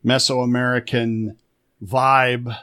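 A man's voice: medium pitch, level tone, takes it slowly, pushed and bright. A man co-hosting a podcast in casual chat, rambling and chatty, with many fillers and restarts. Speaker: podcast co-host.

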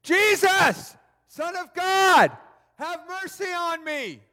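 A man voicing a blind male beggar who cries out loudly and persistently. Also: expressive, normal speed. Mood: pleading. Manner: shouting, high and strained.

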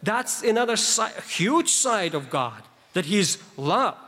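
A man's voice: high-pitched, very animated, slow, pushed and bright. A man preaching a sermon, explaining scripture verses emphatically with conversational asides to the congregation. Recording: long reverb of a large hall.

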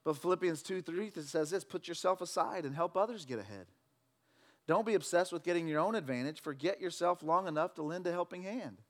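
A pastor preaching a sermon, swinging between loud fervent declarations and relaxed, joking talk with the congregation. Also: male voice, high-pitched, brisk. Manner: preaching with loud emphatic shouts, then conversational with jokes.

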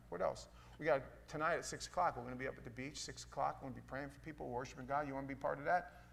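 A middle-aged man, a pastor, preaching a sermon in a folksy, playful way that swings from loud to hushed. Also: mid-range voice, fairly even intonation, racing, creaky, a little hiss or hum.

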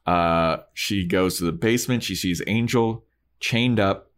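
A man's voice: low-pitched, unhurried. A man casually recapping a TV episode on a podcast, acting out scenes in quoted voices. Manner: animated retelling, acts out scenes in quoted voices. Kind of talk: casual chat.

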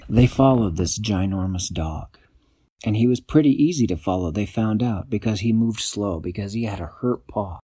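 Animated man telling a bedtime story. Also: on the low side, fairly quick, breathy edge, no room sound. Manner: animated, playful.

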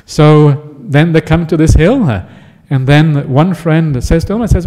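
A man's voice: a little high, a little slow, dark tone. A man, a Buddhist monk, giving a chatty dharma talk and often checking in with listeners. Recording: echoey hall.

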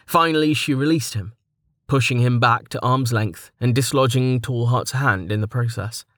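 A man narrating a fantasy web novel as an audiobook in a steady storytelling manner. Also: mid-range voice, normal speed, dry recording, studio quality. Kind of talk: scripted narration.

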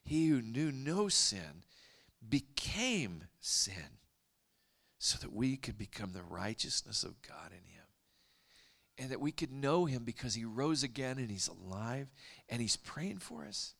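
A man preaching a storytelling sermon, animated and dropping to hushed whispers for emphasis. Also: medium pitch, unhurried, creaky.

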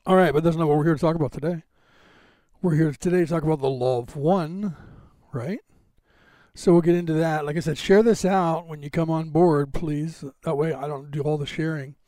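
A man's voice: on the high side, steady tone, brisk, mellow, no room sound. A man hosting a live podcast stream, chatting casually and rambling with many fillers and restarts. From United States. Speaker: podcast host. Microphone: camera on a box, live stream.

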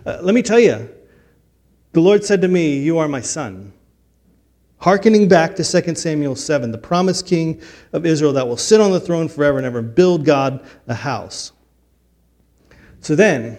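A man's voice: fairly high pitch, a little mellow. Earnest man preaching a sermon. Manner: earnest, builds to emphatic peaks, restarts often. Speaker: pastor.

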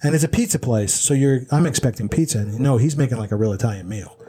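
Fast-talking and medium-pitched, a Pennsylvania man co-hosting a casual chat show rambles through a long anecdote, animated, restarting and laughing as he goes. Slight background noise sits under his voice.

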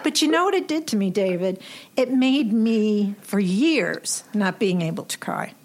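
Expressive woman host, lively storytelling, quick to laugh. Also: mid-range voice. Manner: animated, emotional storyteller, laughs often. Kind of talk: casual chat.

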